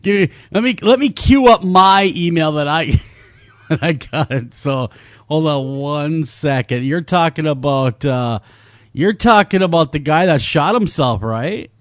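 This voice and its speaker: A man's voice: fairly high pitch, a little slow, no echo. A man co-hosting a talk show, joking and reading a news story aloud in casual chat. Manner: animated, jokey, reads news aloud. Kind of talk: casual radio-style chat.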